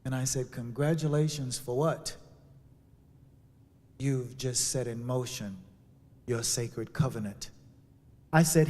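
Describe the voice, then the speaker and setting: A man telling a personal story as a sermon, with dramatic shifts from hushed to loud. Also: mid-range voice, slow, pauses often. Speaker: speaker. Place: church sanctuary. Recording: long hall reverb.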